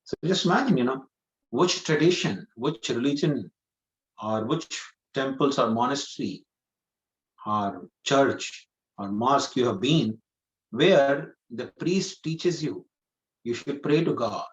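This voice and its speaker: A man's voice: mid-range voice, slow, highs cut off. A man giving a scripture class, telling a story earnestly and repeating phrases for emphasis. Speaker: preacher.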